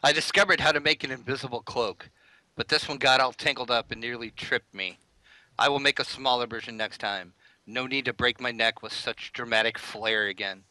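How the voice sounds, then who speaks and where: A man reading the part of a clumsy vampire lady in a slow, theatrical way. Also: medium pitch, fairly even intonation, sharp tone, no echo, poor audio. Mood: casual.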